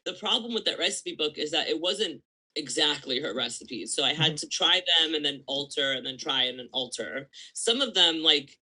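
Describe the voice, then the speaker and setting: Man, interview guest, very bright tone, higher pitch, animated, lots of "like". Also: normal speed, rough recording. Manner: animated, heavy use of "like", acts out quoted voices. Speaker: comedian and author guest. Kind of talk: casual interview chat.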